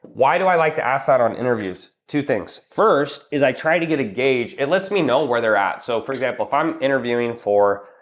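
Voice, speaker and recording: A man's voice: mid-range voice, animated, a little fast. Blunt, swearing male business coach. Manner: blunt and emphatic, swears, calls listener "bro"; walks through numbered steps, often tags "right?". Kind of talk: casual advice talk.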